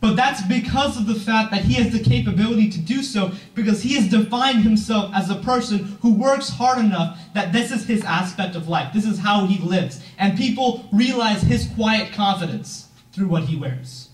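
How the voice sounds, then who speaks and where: High-voiced teenage boy speaking in an echoey hall. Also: lively intonation, normal speed, hardly any pauses. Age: teens. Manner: earnest, emphatic, asks the audience questions. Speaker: youth founder giving a talk. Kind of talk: motivational speech. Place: event room, heard from a distance. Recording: echoey room from far off.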